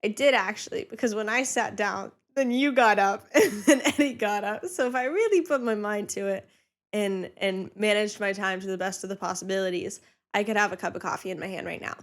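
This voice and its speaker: A woman's voice: mid-range voice, a little fast. A chatty young woman co-hosting. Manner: chatty, laughs often. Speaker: podcast co-host. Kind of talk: casual family podcast chat. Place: home podcast studio.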